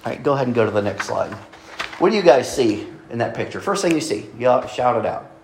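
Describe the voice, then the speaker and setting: A male pastor giving a conversational sermon, asking his congregation questions and pausing over his words. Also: medium pitch, expressive, echoey room, a little hiss or hum, poor audio. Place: church sanctuary.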